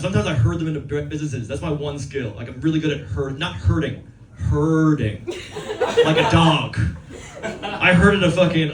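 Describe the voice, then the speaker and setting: Manic, shouting stand-up comic in an echoey room. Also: male voice, fairly high pitch, far from the mic. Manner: manic, swearing, shouting punchlines. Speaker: stand-up comedian. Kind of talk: raucous stand-up set. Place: live comedy venue with audience. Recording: echoey venue, mic heard from afar, crowd laughter.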